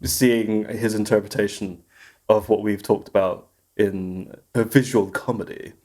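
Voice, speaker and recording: A man's voice: on the low side, fairly even intonation, measured pace, a little mellow. A man co-hosting a podcast in casual, teasing chat, often breaking into laughter. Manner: giggly, teasing, rambling. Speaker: podcast co-host.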